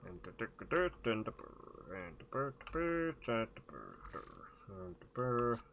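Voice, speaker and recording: A man's voice: lowish voice, big pitch swings, measured pace, creaky, fairly bright tone, muffled recording, slight background noise, heavily acted. A man putting on a bumbling Muppet-style chef voice, babbling sing-song mock gibberish. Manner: sing-song nonsense chatter.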